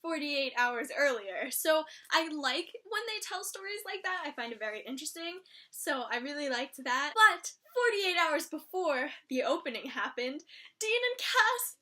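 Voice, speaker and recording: A young woman with a high, bright voice talks casually about an episode she adored. She gushes and gets excited, and giggles often as she talks. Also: normal speed. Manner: gushing, excitable, frequent giggles and squeals of delight. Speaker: fan reviewer of a TV show. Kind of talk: casual chatty episode discussion.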